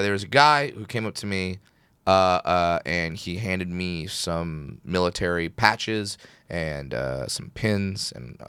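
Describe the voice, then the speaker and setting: A man from Southern California, a comedian guest on an interview show, telling animated stories and acting out the people in them. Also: sits low, clean tone, no echo. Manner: animated storyteller, acts out quotes. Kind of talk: casual interview chat.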